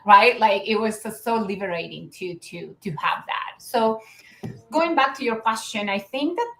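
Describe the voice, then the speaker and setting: A woman with a Chilean Spanish accent talks earnestly as an interview guest, mid-pitched and thoughtful. Her voice carries the echo of a roomy space. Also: lively intonation, a little slow, a bit bright. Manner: earnest, reflective, with many fillers. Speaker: guest, business founder. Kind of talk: conversational interview.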